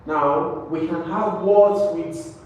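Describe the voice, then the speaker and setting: Slow, echoey classroom teacher, man. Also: fairly high pitch. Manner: repetitive, checks understanding with "right?". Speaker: English teacher. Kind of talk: classroom lesson. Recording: very echoey room, mic far off, faint noise.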